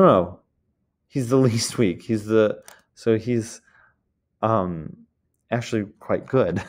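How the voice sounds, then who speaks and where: A man teaching a French grammar lesson in a casual way, often checking in with "d'accord?" and slowly modeling the words. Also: lowish voice, darkish tone.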